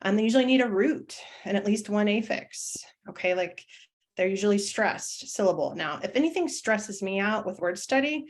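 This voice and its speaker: Woman teacher, mid-pitched, loose and conversational webinar delivery, lots of ums, pokes fun at herself. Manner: chatty, self-deprecating, many fillers and restarts. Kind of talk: live online presentation.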